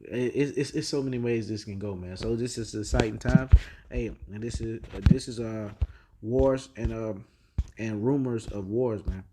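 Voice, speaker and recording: Against a noisy background, a man with a fairly low voice speaks at normal speed, offering rambling, slang-filled news commentary with plenty of fillers. He hosts religious videos, frequently restarts his sentences and occasionally reads out headlines and scripture.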